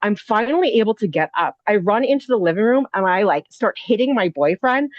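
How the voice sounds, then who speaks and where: A woman in her thirties tells her story in an animated, rambling way, piling on fillers and asides. Her voice sits at a middle pitch. The sound is dull and muffled, with no room echo at all. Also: brisk, hardly any pauses. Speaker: podcast guest. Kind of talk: casual storytelling.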